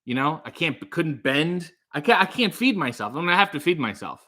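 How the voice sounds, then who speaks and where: A man's voice: on the high side, expressive, a little fast, pushed and bright. A man hosting a livestream, chatting casually and jokingly as he reads out viewer comments. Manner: rambling, jokey, self-deprecating. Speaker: livestream host.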